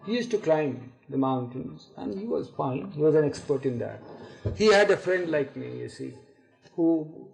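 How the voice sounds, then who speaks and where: An older man telling a spiritual story, halting and repeating words, with laughs, on an archival tape recording. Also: a little high, vocal fry, darkish tone, rough recording. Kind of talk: spiritual reminiscence talk.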